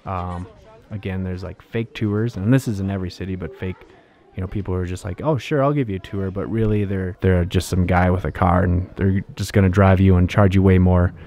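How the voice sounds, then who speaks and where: A man's voice: low voice, little pitch movement, fairly quick, dark tone. A man casually recounting his travels as a vlogger, rambling with fillers and restarts. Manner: rambling, laid-back, many fillers and restarts.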